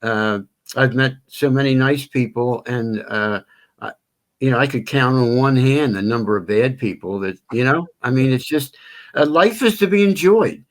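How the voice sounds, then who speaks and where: An older man who works as a stadium announcer, chatting on an interview call, speaking gently with many pauses. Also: mid-range voice. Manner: drawn-out melodic announcer delivery when calling names. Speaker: stadium public address announcer. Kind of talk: phone-in interview chat.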